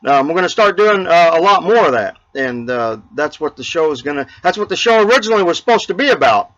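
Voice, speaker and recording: Man, high voice, bright, rambling, lots of fillers, laughs at own jokes. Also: big pitch swings, fast, dull audio. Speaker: vlog host. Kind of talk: casual chat and joke telling.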